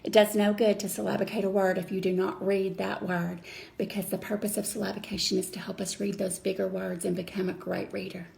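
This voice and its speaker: A woman teacher explaining a reading lesson step by step to children, slow and patient. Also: mid-range voice, little pitch movement, creaky, darkish tone.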